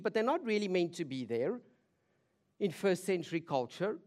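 A woman's voice: on the low side, sing-song, normal speed. Woman preacher, vivid dramatic storytelling. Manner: vivid storytelling with rhetorical questions; swings between loud emphasis and quiet intensity. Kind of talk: sermon.

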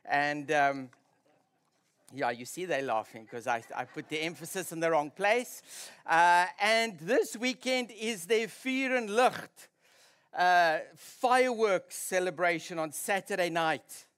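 A pastor preaching a sermon in church, restarting sentences now and then and sounding tired after little sleep. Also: male voice, high-pitched, slow pace, smooth. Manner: warm-up chat before preaching, restarts mid-sentence. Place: church hall.

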